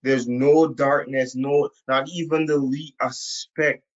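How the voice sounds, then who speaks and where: A man teaching from the Bible to a camera in a room, slow and emphatic, repeating key phrases for weight. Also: medium pitch, fairly even intonation, lo-fi sound. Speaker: preacher. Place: indoor room.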